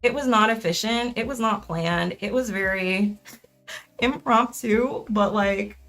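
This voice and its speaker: Young woman streamer chatting while crafting, lots of vocal fry, rambly and laughy, soft music in the back. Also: medium pitch, slow. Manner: rambling, self-correcting, laughs often. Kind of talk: casual chat while crafting.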